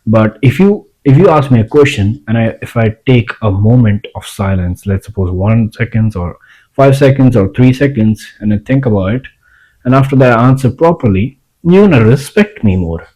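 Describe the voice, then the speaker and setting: A man's voice: mid-range voice, lively intonation, moderate pace, warm tone, poor audio. A man giving casual self-help advice in a blunt, rambling way, swearing freely. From India.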